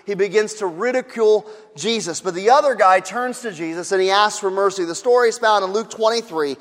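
A man's voice: high-pitched, brisk, a bit bright, in a large hall. A male pastor preaching a sermon in a conversational, emphatic way with rhetorical asides.

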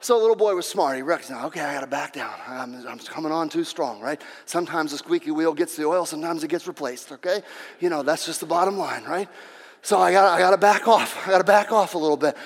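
A man preaching a sermon as pastor, impassioned and repetitive, swinging between loud and hushed. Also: a little high, quick pace, in a large hall.

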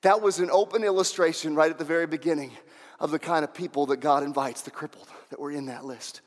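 Male pastor, sermon, higher-pitched, emphatic repeater, reverberant hall. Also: steady tone, quick pace. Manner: emphatic, repeats lines for effect, swings from hushed to shouting.

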